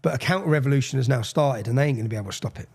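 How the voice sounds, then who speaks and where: A man's voice: mid-range voice, rapid-fire, gravelly, a little mellow. A man with an English accent giving a TV interview, speaking in a defiant, emphatic way and repeating phrases for weight.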